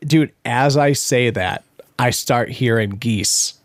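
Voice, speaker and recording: A man from Massachusetts telling a story as a podcast co-host, animated and swearing freely, full of "dude" and "like.". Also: medium pitch, slow pace, dry recording. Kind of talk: casual storytelling chat.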